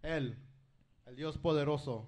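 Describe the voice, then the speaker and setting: A man interpreting a sermon live in a church, relaying each line in a quick, matter-of-fact way. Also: on the high side, darkish tone. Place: church sanctuary.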